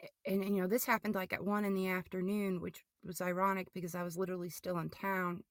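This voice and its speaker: A middle-aged woman telling her personal testimony as a podcast guest, halting and often restarting or repeating words. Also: fairly low pitch, little pitch movement, no room sound, studio quality.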